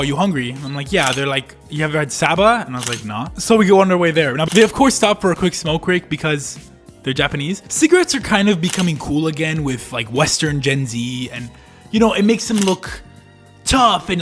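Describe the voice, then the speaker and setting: With faint music behind him, a young Canadian man in his early 20s tells a travel story as a casual voice-over for his vlog. He sounds on the high side with a fairly bright tone, relaxed and full of slang.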